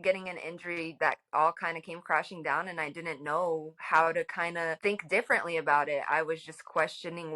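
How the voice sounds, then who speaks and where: A woman's voice: sits low, steady tone, moderate pace, few pauses, bright, forceful tone. A woman in her thirties co-hosting a podcast, telling a personal story in an upbeat, open way. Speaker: podcast co-host, yoga instructor.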